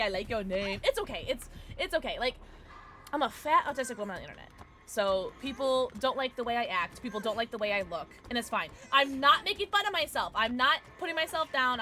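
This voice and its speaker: Bright, lively woman streamer chatting to chat. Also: fairly high pitch. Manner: chatty, excitable, reads and thanks chat. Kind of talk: casual livestream chat while gaming.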